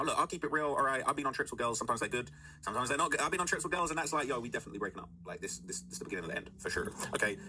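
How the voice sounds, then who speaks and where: Rapid-fire low-voiced male commentator. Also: sharp tone, a little hiss or hum, poor audio. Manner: rapid rambling with many fillers. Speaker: commentary host. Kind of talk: casual commentary.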